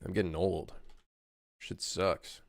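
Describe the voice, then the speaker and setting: A man's voice: deep voice, little pitch movement, slow, creaky, dry recording, studio quality. A man in his late twenties, a game developer chatting casually on a livestream as he works, reading chat aloud and rambling with plenty of swearing. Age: late 20s.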